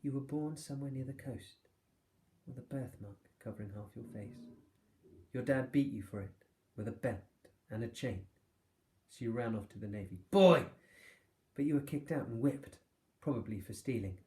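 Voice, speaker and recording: A man doing a sharp, cheeky young boy. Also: mid-range voice, moderate pace, natural voice. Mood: defiant. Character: sharp-eyed hairy young boy, defiant.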